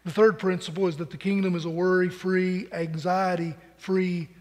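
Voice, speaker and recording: A man's voice: high voice, little pitch movement, normal speed, darkish tone, big-room sound. A man preaching a sermon to his congregation in a conversational way, often repeating words as he starts a phrase. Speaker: pastor. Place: church sanctuary.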